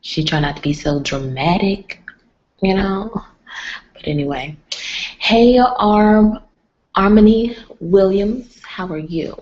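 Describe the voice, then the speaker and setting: Late at night at home, with others asleep, a woman keeps her low voice down almost to a whisper, talking slowly on a live video stream. Her casual chat includes motivational talk, and the computer mic gives the audio a muffled, dull, lo-fi quality.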